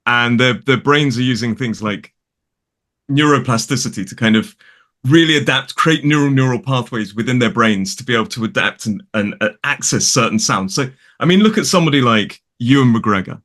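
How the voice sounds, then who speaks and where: Here a middle-aged man from the United Kingdom, a guest who teaches English, talks casually in a British accent, animated and at a moderate pace. His ordinary-pitched voice is bright and forward, and his speech wanders, with plenty of restarts and fillers.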